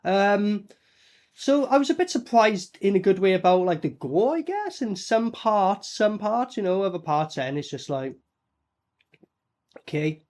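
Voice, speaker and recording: A man reviewing a low-budget horror film in a blunt, sweary, mocking way. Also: animated, measured pace, a little mellow. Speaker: movie reviewer. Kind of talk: casual reaction commentary.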